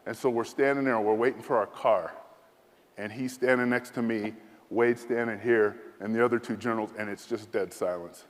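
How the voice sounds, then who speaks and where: A man in his fifties giving a speech as a military leader, telling a self-deprecating anecdote in a lively way from a podium in a large hall. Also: on the low side, a little fast. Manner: lively, self-deprecating storyteller who acts out quoted voices. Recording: echoey hall.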